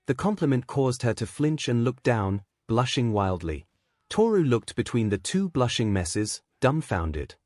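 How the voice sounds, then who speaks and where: A man reading a fan-fiction story aloud in a steady storytelling voice. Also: mid-range voice, unhurried, no echo, studio quality. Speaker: narrator.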